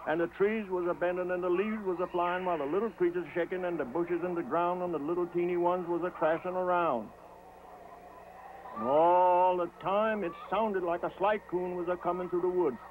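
A man tells a folk tale in a slow, rhythmic, folksy manner, his voice a little high for a man. The sound is thin and tinny, like an old television broadcast. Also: steady tone, slight background noise. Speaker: storyteller.

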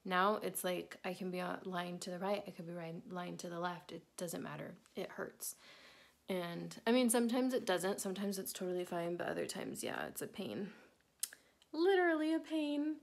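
A woman's voice: animated, normal speed, gravelly. A pregnant young woman in her twenties, chatting casually in a vlog update. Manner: chatty, talks baby-talk to her cat in a high sing-song voice. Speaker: vlogger.

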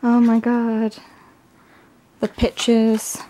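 A woman gushing excitedly through a casual unboxing, her voice strained and giving out. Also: a little high, very slow. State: voice giving out, coughing. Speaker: K-pop album unboxer.

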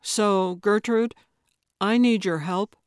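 A woman's voice: medium pitch, slow pace, clean tone, dry recording, clean studio sound, close to an everyday voice. A woman voicing an earnest, somewhat hesitant male paramedic in an audiobook. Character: young man, earnest awkward paramedic. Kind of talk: audiobook character voice.

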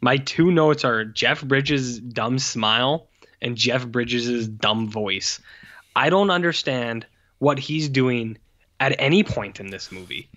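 A man's voice: medium pitch, takes it slowly, a bit bright, highs cut off. A man co-hosting a casual film review podcast, blunt and scornful, swearing often. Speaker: podcast co-host.

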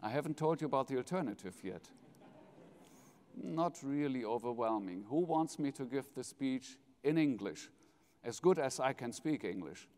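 A man's voice: medium pitch, expressive, a little mellow. German-accented man in a big hall. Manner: measured, jovial, polls the audience. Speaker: foundation president giving opening speech. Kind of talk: formal welcome speech with light humor. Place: large university hall, live audience. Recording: reverberant hall.

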